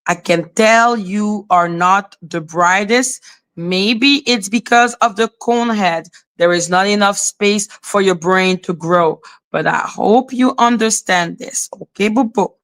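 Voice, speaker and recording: A woman from Haiti whose first language is French rants live on a stream. Her voice sits at an ordinary middle pitch. She lectures and swears, circling back to the same points with growing exasperation. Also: takes it slowly, a bit bright. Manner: exasperated, profane, repetitive, lecturing. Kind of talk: heated casual rant.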